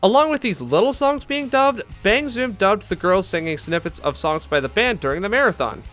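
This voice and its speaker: Bright-voiced man narrating a video essay. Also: high-pitched, animated, brisk, faint music behind. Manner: enthusiastic, candid fan commentary with asides. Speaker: YouTube anime commentator.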